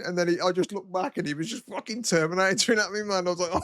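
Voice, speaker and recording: A man's voice: high-pitched, fast, a bit bright, dry recording. A young man from England, co-hosting a podcast and telling rambling, sweary stories with frequent laughs. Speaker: podcast co-host. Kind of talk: casual chat.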